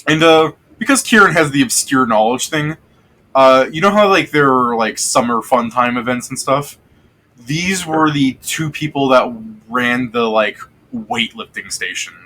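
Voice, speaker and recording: A man's voice: medium pitch, lively intonation, a little slow, pushed and bright, poor audio. A man narrating as game master, casual and rambling, swearing freely. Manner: rambling, profane and loose.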